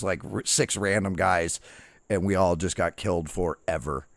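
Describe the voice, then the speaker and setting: Low male streamer, profane storyteller, dry mic. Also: moderate pace, dry recording. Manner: profane, storytelling, barks quoted drill shouts. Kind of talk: casual storytelling chat.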